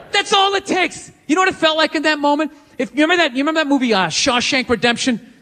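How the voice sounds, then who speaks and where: A man's voice: extremely high pitch, pushed and bright. A male stand-up comedian doing a routine on a stage in a large hall, in a ranting, exasperated and profane way. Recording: reverberant hall, faint noise.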